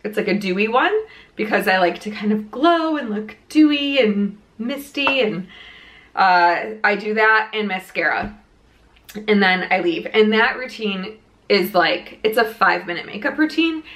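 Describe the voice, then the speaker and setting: A woman's voice: medium pitch, animated, unhurried, a bit bright. A young woman talks breathlessly, her voice in a middle range. She rambles casually from home, with restarts and fillers. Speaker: vlogger. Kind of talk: casual pregnancy update vlog. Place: home room lit by a ring light.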